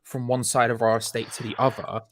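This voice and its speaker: A man's voice: mid-range voice, brisk. A young man, casually telling a long story with lots of swearing and acted-out voices. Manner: animated, swears often, acts out voices in his stories.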